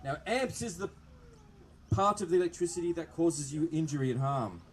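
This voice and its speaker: A man with an Australian accent presenting a police demonstration to a crowd outdoors, joking and chatting with the children over a loudspeaker microphone. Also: fairly high pitch, lively intonation, normal speed. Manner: jokey, upbeat, chatting with the kids in the crowd. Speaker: police presenter at a public open day. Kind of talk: public address to a live crowd. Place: outdoor public event. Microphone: microphone through loudspeakers.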